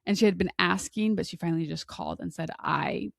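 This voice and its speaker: Rambly podcast lady in her 30s, bit gravelly, dry close sound. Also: fairly low pitch, a little fast, dry recording. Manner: chatty, rambling storyteller. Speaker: podcast co-host. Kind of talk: casual chat.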